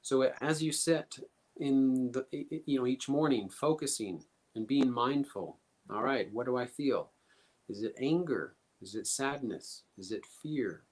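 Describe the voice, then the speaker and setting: A man's voice: medium pitch, measured pace. A man giving an instructive talk as a guest speaker, coaching listeners earnestly and asking many rhetorical questions. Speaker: guest speaker teaching emotional coping steps.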